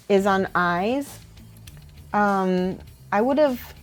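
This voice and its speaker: A woman hosting a casual livestream, chatting warmly and encouragingly as she critiques painted miniatures and laughs often. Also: medium pitch. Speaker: miniature painting host and teacher.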